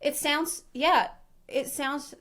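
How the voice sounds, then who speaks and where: High-voiced woman streamer rambling. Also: steady tone, takes it slowly, a bit bright. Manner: rambling, laughing, swearing freely. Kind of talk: live reaction commentary.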